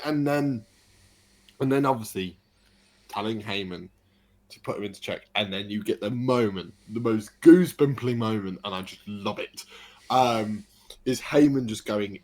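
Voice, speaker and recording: A man, a podcast co-host telling an excited story in casual chat. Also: medium pitch, unhurried. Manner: excited storytelling, animated retelling.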